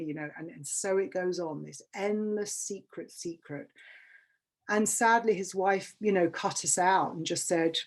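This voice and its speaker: A woman's voice: lowish voice, normal speed. Candid British woman in her fifties. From England. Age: 50s. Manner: candid, emotional, repeats for emphasis. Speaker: workshop speaker. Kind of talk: personal testimony talk.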